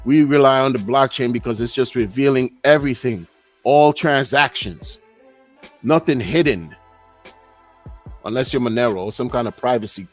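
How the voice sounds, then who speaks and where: A middle-aged podcast host rambles loosely on a live stream, peppering his casual talk with "man" and "you know." His mid-range voice moves at a normal speed over soft background music.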